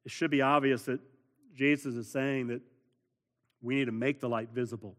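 A man preaching a sermon as pastor, earnest, stressing words by repeating them and building to louder emphasis. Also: mid-range voice, steady tone, normal speed. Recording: long hall reverb.

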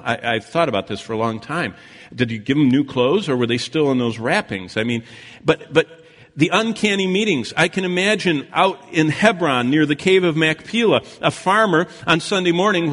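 A male preacher delivering a sermon as dramatic storytelling, rising loud and then dropping to a hush. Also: fairly high pitch, long reverb tail.

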